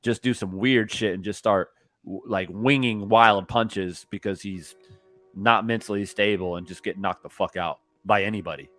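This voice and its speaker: A man's voice: on the low side, moderate pace, no room sound, soft background music. A man co-hosting a casual boxing chat, swearing freely and slipping into mocking impressions. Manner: profane, animated, does mocking impressions. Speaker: boxing podcast co-host. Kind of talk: casual fight-talk chat.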